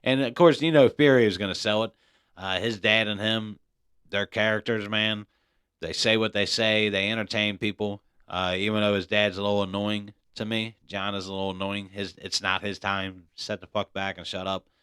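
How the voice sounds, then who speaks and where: Blunt low-voiced man. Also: flat delivery, normal speed, a bit bright, clear, resonant tone, no room sound, studio quality. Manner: blunt, profane, keeps saying "man". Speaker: podcast host. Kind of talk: casual podcast talk.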